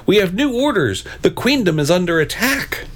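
A man's voice: high voice, very animated, moderate pace, pitched above the performer's own voice. A man playing a shrieking, swashbuckling male bird knight. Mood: urgent. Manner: theatrical, shrieking. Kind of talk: storybook reading.

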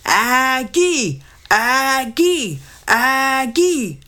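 A woman reading aloud voices a gentle deaf father who asks simple, halting questions about baseball. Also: mid-range voice, big pitch swings, creaky, voice pushed up. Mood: cheering. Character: gentle deaf father, adult man, eager baseball fan.

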